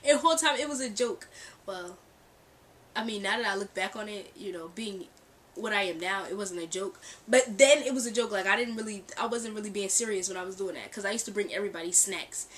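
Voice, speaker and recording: A young woman casually telling a storytime vlog, animated and laughing, acting out the lines of the people in her story. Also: mid-range voice, a little fast, far from the mic. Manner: animated, acts out quoted dialogue, laughs often. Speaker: storytime vlogger. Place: bedroom near a street. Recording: mic set back, faint background ambience. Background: cars passing outside.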